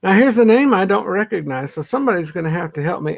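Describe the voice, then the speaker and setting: Sitting high in pitch, very animated and brisk with hardly any pauses, a middle-aged man hosts a casual livestream, reading comments and greeting viewers by name amid frequent laughter. He's from the northern suburbs of Chicago, with a gravelly, husky voice a little stuffy from allergies.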